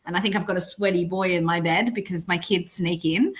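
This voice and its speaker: A woman's voice: lowish voice, brisk. A woman, hosting a casual livestream chat and laughing often. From Australia. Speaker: podcast host.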